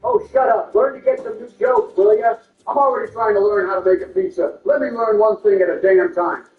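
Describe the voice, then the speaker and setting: Speaking briskly in a high-pitched voice, a man provides funny game commentary full of crude insults exchanged in squabbling impressions. The recording is roomy, distant and muffled, with music in the background.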